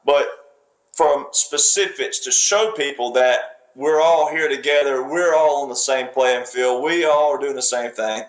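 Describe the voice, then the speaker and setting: A man's voice: mid-range voice, a little slow. Emphatic man lecturing in an echoey room. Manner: emphatic, repetitive, speaks in fragments. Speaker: commentator. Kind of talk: lecturing political commentary. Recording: roomy echo.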